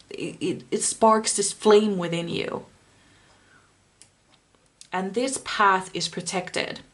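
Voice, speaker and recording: Slow-talking, impassioned woman tarot reader. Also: mid-range voice. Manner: blunt and impassioned, swears freely; speaks straight to the viewer. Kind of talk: pick-a-card tarot reading.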